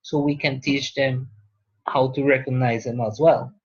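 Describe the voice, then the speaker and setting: A man's voice: mid-range voice, fairly even intonation, darkish tone, breathy edge. A male teacher whose first language is Spanish, lecturing a class in a classroom and often checking in with "right?". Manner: unhurried, pauses, checks with "right?". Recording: dull lo-fi classroom recording.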